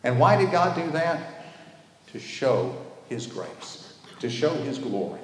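A man preaching a sermon in a church while the congregation answers him, leaning hard on key words and drawing them out slowly. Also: mid-range voice, very animated. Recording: echoey hall with faint background noise.

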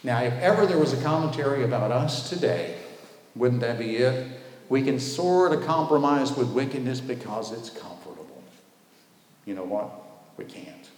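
A man preaching a sermon in a church while the congregation answers him, leaning hard on key words and drawing them out slowly. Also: medium pitch, lively intonation, darkish tone. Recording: echoey hall with faint background noise.

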